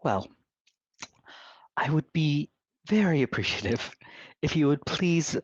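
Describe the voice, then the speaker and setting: A man voicing a prim, authoritative older woman who heads a committee, speaking in crisp, disapproving formal tones. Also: fairly high pitch, expressive, slow pace, dry recording, highs cut off, pitched above the performer's own voice, heavily acted. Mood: scolding.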